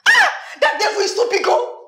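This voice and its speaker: High-voiced woman begging her friends, blames the devil, pleads then laughs wildly. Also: big pitch swings, a little fast, bright, forceful tone, roomy sound, exaggerated voice. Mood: frantic. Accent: Nigerian. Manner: pleading, switching to frantic laughing outbursts. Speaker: actress. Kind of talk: Nollywood film acting.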